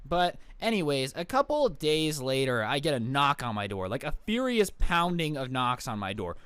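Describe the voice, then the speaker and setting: A man's voice: mid-range voice, very animated, normal speed, noisy background. A young man, a YouTuber, telling a storytime vlog in a sarcastic, exasperated, casual manner.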